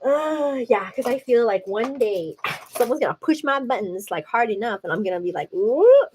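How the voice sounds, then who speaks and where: A woman's voice: a little high, lively intonation, normal speed, noisy background. A young American woman hosting a livestream, chatting casually with viewers and saying "like" and "girl" constantly. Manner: chatty, says "like" and "girl" a lot. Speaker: livestream host. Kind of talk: casual chat with live viewers.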